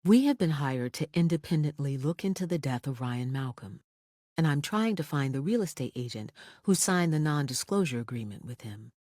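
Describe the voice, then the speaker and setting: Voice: medium pitch, expressive, moderate pace, a little mellow, dry recording, studio quality, close to an everyday voice. An audiobook narrator voicing a polite, careful woman private investigator on a phone call. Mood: businesslike.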